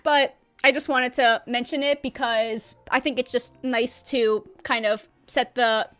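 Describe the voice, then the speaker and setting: A woman's voice: high-pitched, a bit bright. A young adult woman chatting casually and bubbly while livestreaming a game from home, laughing often.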